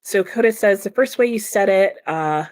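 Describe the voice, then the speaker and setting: A woman's voice: medium pitch, moderate pace. A young woman chatting casually on a livestream, reading viewer comments aloud and laughing often. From United States. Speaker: streamer and book vlogger.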